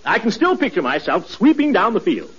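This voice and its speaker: A pompous blustering neighbor. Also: male voice, sits high, huge pitch swings, a little fast, breathy edge, muffled recording, heavily acted. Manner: pompous, boastful.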